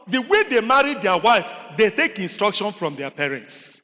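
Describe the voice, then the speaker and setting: A man with a Nigerian accent preaching a sermon in a chapel, animated, swinging from shouts to low asides and asking rhetorical questions. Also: normal speed, hardly any pauses. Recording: long hall reverb in a chapel.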